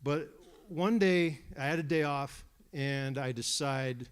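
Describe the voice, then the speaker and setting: Middle-aged man, church testimony, candid storytelling, stops and restarts often, mid-pitched voice. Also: moderate pace, hardly any pauses, clear, resonant tone. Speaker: church member giving a testimony. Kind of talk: personal testimony at a church service.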